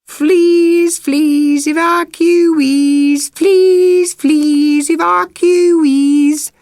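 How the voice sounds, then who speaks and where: A woman voicing jeering village children in a high, shrill, taunting voice. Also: very animated, slow, dry recording, exaggerated voice. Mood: chanting.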